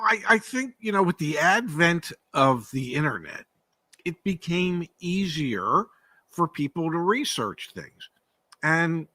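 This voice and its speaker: A man's voice: on the high side, bright, forceful tone, dry recording. A man co-hosting a casual car-market talk, emphatic, asking rhetorical questions and repeating words. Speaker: co-host, former car dealership operator. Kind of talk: casual podcast chat.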